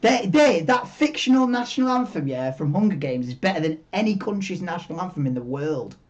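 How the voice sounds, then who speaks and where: A man hosting a live stream, chatting casually in a rambling, excitable way and swearing freely. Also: high-pitched, brisk. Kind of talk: casual live watchalong chat. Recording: dull lo-fi mic, tinny.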